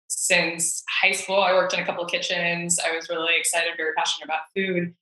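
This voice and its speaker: A woman's voice: fairly low pitch, sharp tone, roomy sound, poor audio. A woman being interviewed on a podcast, chatty and casual, often tagging sentences with "right?". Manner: chatty, frequent "right?" and "like", laughs easily. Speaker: podcast guest, strategy director.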